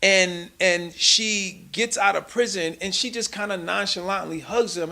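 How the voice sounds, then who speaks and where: A man from the United States talks passionately as an interview guest, pressing his points hard and restarting sentences as he goes. His voice sits a bit high and has a gravelly fry, with a bright, forceful edge. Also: normal speed, few pauses. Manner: impassioned, emphatic, stumbling restarts. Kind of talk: casual interview talk.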